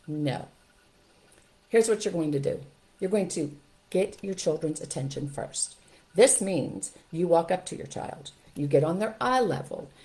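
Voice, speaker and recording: An older woman, a grandmother, giving firm parenting advice in an animated way and acting out what parents and children say. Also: fairly low pitch, measured pace. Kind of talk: instructional talk to camera.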